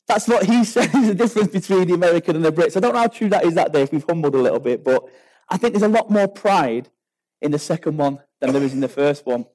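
A man's voice: fairly high pitch, expressive, fast, a little mellow, poor audio. A man with a British accent giving an informal, chatty sermon, telling stories with many restarts and rhetorical questions. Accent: British English. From Britain. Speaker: preacher.

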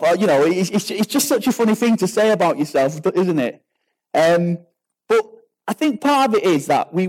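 A man's voice: sits high, a little mellow, poor audio. A man with a British accent giving an informal, chatty sermon, telling stories with many restarts and rhetorical questions. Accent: British English. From Britain. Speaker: preacher.

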